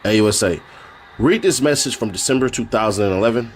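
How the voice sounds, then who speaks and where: A man's voice: on the low side, fast, a little hiss or hum. A man streaming, reading a court transcript aloud in a casual way and breaking off for joking asides. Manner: reads flatly, then breaks off for joking asides and laughs.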